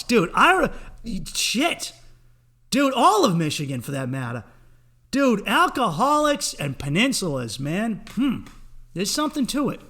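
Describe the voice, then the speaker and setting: Profane high-voiced man giving a pep talk. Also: wildly swooping pitch, a little slow, pushed and bright. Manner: profane, rambling, pushy second-person pep talk. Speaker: podcast host. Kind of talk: comic monologue pep talk.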